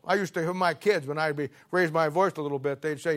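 A middle-aged male preacher delivering a blunt, confrontational sermon, swinging from loud declarations to low asides. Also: fairly even intonation, brisk, few pauses. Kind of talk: fiery sermon.

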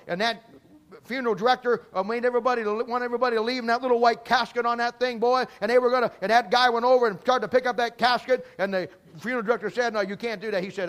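An older man preaching a sermon, telling folksy stories and rising into impassioned, drawn-out shouts. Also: extremely high pitch.

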